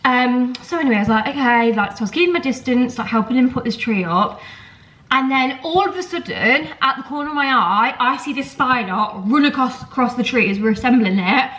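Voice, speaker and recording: A woman's voice: high voice, lively intonation, fairly quick, fairly bright tone, rough recording. A young woman with a sore throat chatting casually to camera in her home kitchen, telling stories with lots of ums and likes. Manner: chatty, storytelling, lots of fillers like um and like. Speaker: vlogger.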